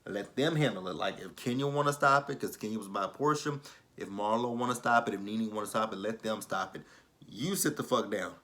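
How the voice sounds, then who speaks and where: A young man giving a casual, opinionated recap of a reality show episode, swearing freely and acting out the cast's quotes with big swings in his voice. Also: brisk. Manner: animated, profane, re-enacts quotes with swings in pitch.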